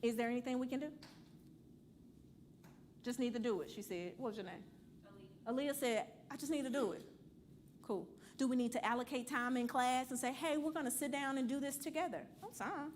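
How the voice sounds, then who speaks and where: A woman's voice: fairly high pitch, slight background noise. Blunt, playful woman teaching a money class. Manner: blunt, playful, preachy, calls and asks the room. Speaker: financial class teacher at a church. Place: church classroom with a group.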